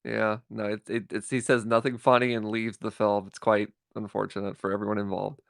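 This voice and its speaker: A man's voice: fairly low pitch, little pitch movement, a little fast, creaky, dry recording. A man co-hosting a podcast, explaining movie scenes in casual chat with wry, dry humor. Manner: dry, wry storytelling that acts out quotes. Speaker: podcast co-host.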